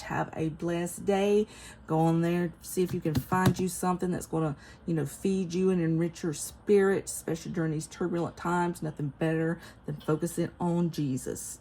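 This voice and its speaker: Southern lady vlogging, friendly folksy chatter, kinda low voice with a bit of fry. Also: a little mellow, a little hiss or hum. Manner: chatty, laughs often, folksy. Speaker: vlogger reviewing a Bible study. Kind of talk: casual chat to camera.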